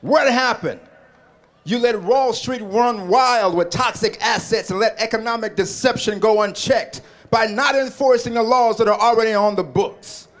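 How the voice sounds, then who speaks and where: High-voiced man giving a fiery rally speech. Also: moderate pace, few pauses, fairly bright tone. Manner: impassioned, rhetorical, leads call-and-response chants. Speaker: rally speaker.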